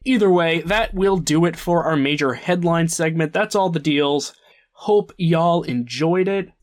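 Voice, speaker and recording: A man's voice: fairly high pitch, unhurried. A young man co-hosting a casual sports podcast, joking and laughing at his own lines. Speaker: podcast co-host.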